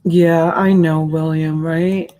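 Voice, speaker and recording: Slow-talking woman hosting a live chat. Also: sits low, level tone, mellow. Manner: chatty and sympathetic, addresses viewers by name. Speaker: live-stream seller and host. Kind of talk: live stream chat, reading viewer comments aloud.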